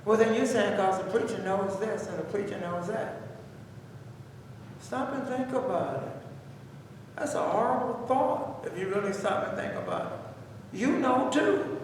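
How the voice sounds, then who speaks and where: A man with a high voice leads a church Bible study, repeating his points and urging the group to stop and think. He is recorded from a distance in a very echoey room with a long hall reverb. Faint room ambience sits underneath. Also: expressive, unhurried, long pauses, slight background noise. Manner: conversational, repetitive, exhorting.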